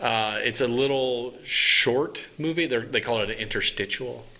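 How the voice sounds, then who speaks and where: Bright-voiced joking man in casual chat. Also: mid-range voice, unhurried. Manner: joking, explains news with small laughs. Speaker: podcast co-host.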